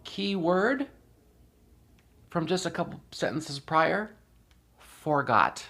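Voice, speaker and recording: A man's voice: a little high, expressive, slow pace, bright, forceful tone. A man talking casually and rambling at home, repeating himself and laughing often. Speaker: podcast host. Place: indoors in a house.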